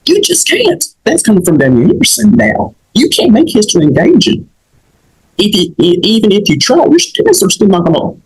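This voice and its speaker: A young man with a slightly high voice hosts a comedic advice show. He talks in an emphatic, preachy way and keeps checking in with his listeners. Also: very animated, fairly quick, husky, low-quality recording.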